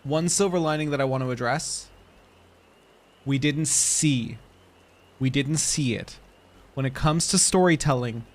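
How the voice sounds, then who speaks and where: A man live-streaming a video game, reacting with emotional, rambling and swearing talk while joking with his chat. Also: on the high side.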